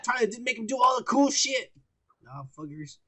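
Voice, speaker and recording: A man co-hosting a podcast in casual chat, reading out comments, crude and loud, often laughing and shouting. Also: very high voice, expressive, normal speed, breathy edge. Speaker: podcast co-host.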